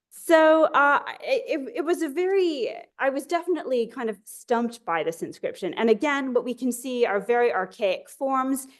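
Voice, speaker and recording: A woman giving an academic lecture in a chatty, self-deprecating way, with frequent fillers and restarts. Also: a little high.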